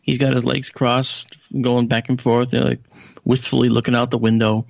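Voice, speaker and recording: A man's voice: normal speed, vocal fry, no room sound. A man being interviewed as a guest analyst on a radio show, telling a long anecdote conversationally, full of asides and fillers. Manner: animated storyteller, raises his pitch to quote others.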